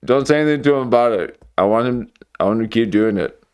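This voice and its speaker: A man's voice: medium pitch, quick pace, a little mellow, smooth, dull audio. A man hosting a live watch-party stream, joking and rambling through reaction commentary with lots of filler words. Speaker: livestream watch-party host.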